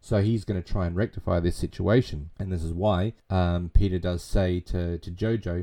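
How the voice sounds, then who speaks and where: A man's voice: sits low, fairly even intonation, normal speed, hardly any pauses, mellow. A middle-aged man casually recapping a movie plot, rambling and chatty with many fillers. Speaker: film reviewer.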